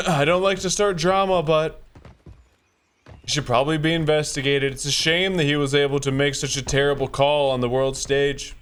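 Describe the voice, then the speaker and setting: A man's voice: fairly high pitch, fairly even intonation, normal speed, fairly bright tone, smooth, natural voice. A man doing a boastful older politician. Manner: bragging, exaggerated superlatives, repetitive. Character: boastful older male politician, self-aggrandizing.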